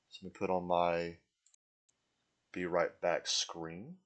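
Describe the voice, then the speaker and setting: A man's voice: low voice, moderate pace, long pauses, faint music behind. A man live-streaming a video game, chatting casually and answering viewers from chat.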